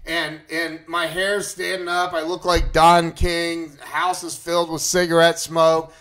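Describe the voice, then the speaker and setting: A man casually telling a personal story to his live chat, animated and acting out his own panic. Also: on the high side, measured pace.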